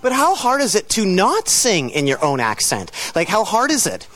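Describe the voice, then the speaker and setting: Playful male interviewer; needling, mock-serious questions, pitch all over. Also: huge pitch swings, moderate pace, a bit bright.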